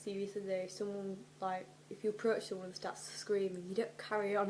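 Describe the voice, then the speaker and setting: A young woman doing a comedic dramatic reading, animated and sweary, often dropping into whispers for her asides. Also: mid-range voice, moderate pace, a little hiss or hum, poor audio. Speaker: vlogger.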